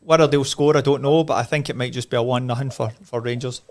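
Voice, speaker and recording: A man chatting casually on a podcast, measured and a little hesitant. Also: medium pitch, steady tone.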